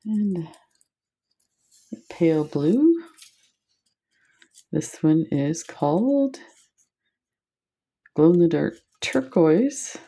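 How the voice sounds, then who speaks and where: Low mellow-voiced lady gushing over beads on her craft channel, talks slow. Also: husky. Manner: gushing, excitable, laughs often. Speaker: beading channel host. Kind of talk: casual product showcase vlog.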